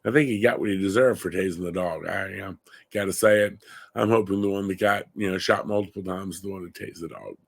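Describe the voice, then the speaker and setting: A man's voice: low-pitched, brisk, gravelly. A middle-aged man from Long Island, hosting a gun-focused show and giving opinionated, indignant commentary. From Long Island, New York. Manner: indignant, rising to heated emphasis.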